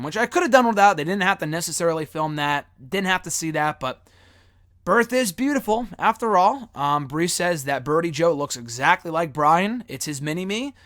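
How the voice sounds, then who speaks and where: A man's voice: fairly high pitch, a bit bright, no echo, clean studio sound. A young man giving a loose, casual recap of a wrestling reality show, dropping frequent curse words and lots of "um" and "uh". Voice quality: loose, swears often, many fillers.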